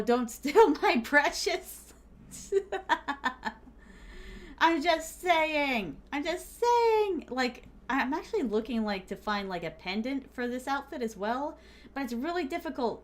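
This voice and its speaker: A woman streaming a game, chatting playfully with her viewers, often giggling and dropping in Japanese phrases. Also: a little high. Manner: chatty, playful, talks to chat as "my starlings"; giggly, many fillers like "like". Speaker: VTuber streamer. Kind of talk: casual gaming stream chat.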